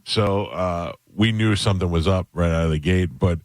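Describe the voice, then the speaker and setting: Man, very deep voice, dry close mic, casual radio banter, rambling storyteller. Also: normal speed, no room sound. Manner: rambling, self-mocking storyteller. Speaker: radio show host.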